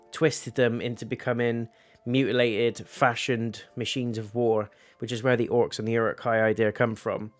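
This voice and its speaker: A young man talks through a TV episode in a loose, rambling way. He swears casually, keeps his pitch in an ordinary middle range, and faint music plays underneath. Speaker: TV reviewer. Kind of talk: casual spoken review.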